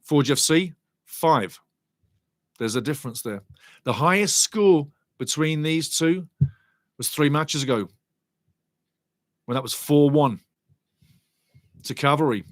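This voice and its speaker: A man's voice: a little high, lively intonation, takes it slowly, pauses often, no echo. A man hosting a live football watchalong, talking in an enthusiastic, chatty way and often repeating himself for emphasis. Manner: enthusiastic, repetitive, chatty, addresses the chat directly. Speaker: watchalong host. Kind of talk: live pre-match football commentary.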